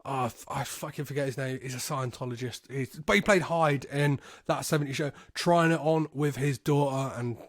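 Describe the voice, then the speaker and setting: A man hosting a podcast, recapping a movie casually, swearing freely and gleefully, and slipping into quick impressions of the characters. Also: medium pitch, no echo, clean studio sound. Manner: profane and gleeful, swears constantly. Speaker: podcast host.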